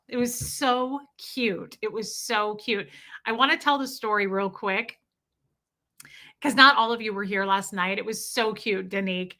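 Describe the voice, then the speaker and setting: A woman's voice: mid-range voice, normal speed, pushed and bright. A woman hosting a livestream, telling personal stories in a chatty way and reading out viewer comments as she goes. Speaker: livestream host. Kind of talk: casual storytelling to a live chat.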